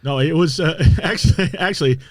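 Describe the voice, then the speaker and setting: A man's voice: on the high side, dry recording. Male podcast host chatting. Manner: chatty, quick to joke and banter. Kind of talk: casual chat.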